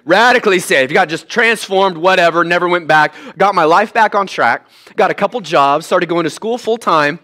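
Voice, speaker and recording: Man, pastor, sermon, candid, self-deprecating, bright tone, fairly high voice. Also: normal speed. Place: church sanctuary.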